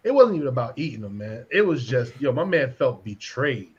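A man on a podcast talking in lively slang, telling what he'd have done. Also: mid-range voice, a little fast, husky. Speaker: podcast co-host. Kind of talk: casual chat. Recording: dull lo-fi sound.

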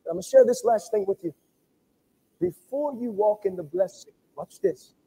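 Male pastor, high lively voice, preaching with call-and-response, repeats lines. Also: normal speed, vocal fry, breathy edge, rough recording. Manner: call-and-response preaching, repeats phrases, swings from loud to hushed. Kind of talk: sermon. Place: church sanctuary.

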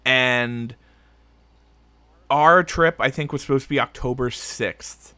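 A man's voice: medium pitch, slow, bright, forceful tone, clean tone, dry recording. A man co-hosting a podcast in casual chat, rambling with restarts, swearing freely and laughing. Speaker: podcast co-host.

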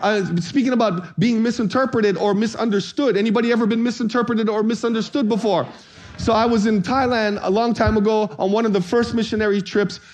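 A man preaching a sermon as pastor, energetic and playful, calling on the congregation to answer back. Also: high voice, fairly quick.

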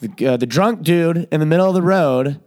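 A man hosting a podcast, telling a story to friends in a casual way, swearing and laughing often and jumping into loud, high voices when he quotes people. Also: moderate pace. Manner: profane, laughing often while he tells the story. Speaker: podcast host.

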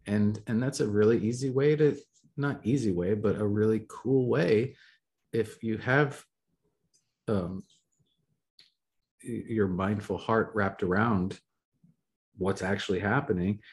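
A man's voice: on the low side, unhurried, long pauses, a little mellow. Man chatting eagerly on a podcast. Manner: enthusiastic, rambling, laughs often. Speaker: podcast co-host. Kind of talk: casual spiritual chat.

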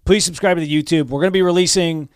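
A man's voice: fairly high pitch, steady tone, rapid-fire, smooth, dry recording, studio quality. Emphatic, teasing podcast co-host man. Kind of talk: casual banter.

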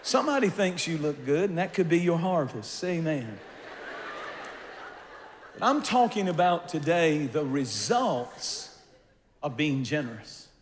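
An older man preaching a sermon, telling a funny personal story with animated swings between quiet asides and loud bursts. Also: a little high, a little slow, pauses often, slight background noise. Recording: long reverb of a large hall.

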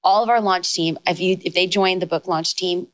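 Lively storytelling woman, lower voice. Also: no echo. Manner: storytelling, fast bursts with excited rises in quoted lines. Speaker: podcast guest, author and speaker. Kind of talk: casual chat.

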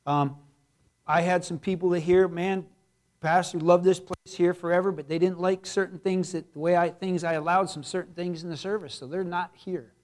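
A middle-aged man, a pastor, preaching a sermon in a church, building to loud, emphatic passages. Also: high voice, fairly even intonation, normal speed. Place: church sanctuary.

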